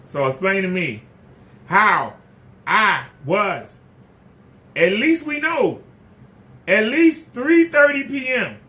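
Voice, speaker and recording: A man's voice: high voice, lively intonation, takes it slowly, long pauses, bright, forceful tone. A man hosting his own channel, ranting indignantly to the camera with repeated rhetorical questions. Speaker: YouTube channel host. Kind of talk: casual rant to camera.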